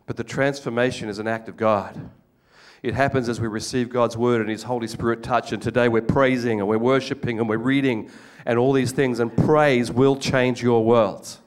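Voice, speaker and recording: With a mid-range voice and a moderate pace, an older Australian man gives a sermon built around lively stories and jokes. He voices the people in his anecdotes himself.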